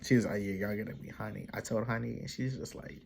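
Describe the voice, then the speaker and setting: A man's voice: lowish voice, fast, gravelly, slight background noise. A young man casually telling a personal story for his vlog, rambling with slang and restarts and quoting his family in their own voices. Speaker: vlogger.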